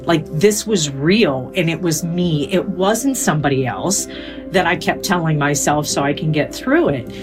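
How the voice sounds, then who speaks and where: A woman's voice: low-pitched, expressive, moderate pace, music in the background. A middle-aged woman telling a vivid, emotional personal story in an interview.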